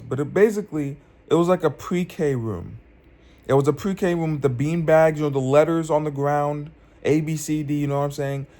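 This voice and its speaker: Young male vlogger, slightly high voice, rambling dream storyteller on a phone mic. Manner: rambling, many restarts and fillers.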